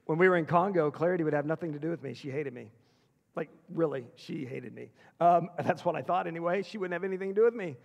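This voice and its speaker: High gravelly man in echoey hall. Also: quick pace. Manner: earnest, moving from hushed to excited retelling. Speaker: chapel speaker. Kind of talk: personal storytelling sermon. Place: school chapel.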